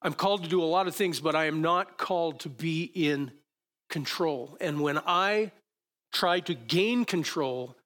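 With a fairly high, fairly bright voice and a measured pace, this man preaches from a church stage before a congregation. He stays conversational during the sermon's live demonstration, frequently beginning sentences again as he guides the volunteers.

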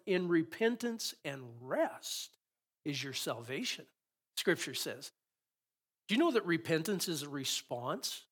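A male pastor preaching in a church sanctuary. His voice sits a little high, and he throws out rhetorical questions. His delivery swells with passion as he goes. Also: fairly bright tone. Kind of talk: sermon.

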